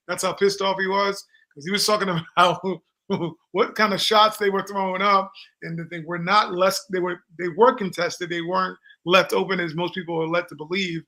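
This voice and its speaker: A man co-hosting a casual sports podcast, talking in an animated, jokey way, with boastful trash talk. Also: high voice, a little fast. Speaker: podcast co-host. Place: home studio on a live stream.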